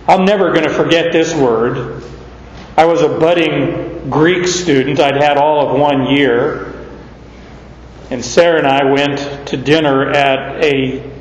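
A man's voice: a little high, slight background noise. A middle-aged man from Arizona preaching a sermon, telling stories unhurriedly and rising sharply on key words. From Arizona, USA. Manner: unhurried storytelling with sudden emphatic rises. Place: large hall or church. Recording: muffled, echoey hall.

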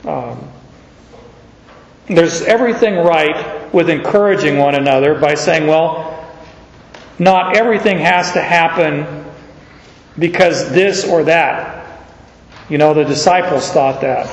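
A man's voice: fairly high pitch, a little slow, vocal fry, pauses often. Man preaching a sermon in an echoey hall. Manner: conversational storytelling with fillers. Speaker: pastor.

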